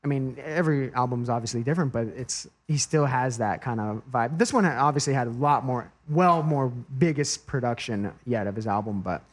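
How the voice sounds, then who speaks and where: A man hosting a casual podcast interview, talking in a relaxed, halting way with frequent restarts. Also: mid-range voice. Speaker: podcast host.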